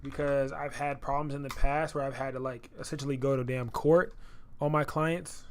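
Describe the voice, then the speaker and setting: A man's voice: mid-range voice, flat delivery, moderate pace, a little hiss or hum. A young man photographer chatting loosely on his live stream while he edits, full of slang and repeated phrases. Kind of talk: casual live-stream chat.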